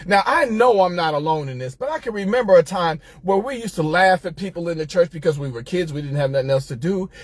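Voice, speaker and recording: High-voiced man telling a funny story. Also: slightly rough, no echo. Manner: animated, laughing, addresses listeners as y'all. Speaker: host. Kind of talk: casual storytelling monologue.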